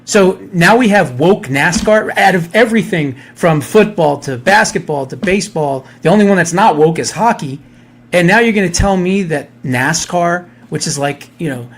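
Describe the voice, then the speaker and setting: A man's voice: a little high, moderate pace. A man co-hosting a live radio talk show, telling a story in a blunt, casual way. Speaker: co-host.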